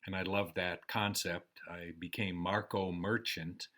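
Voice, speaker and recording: An older American man telling his life story in a rambling, unhurried way, with pauses and fillers. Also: deep voice, little pitch movement, pushed and bright. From United States. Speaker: memoir storyteller. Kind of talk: casual spoken memoir.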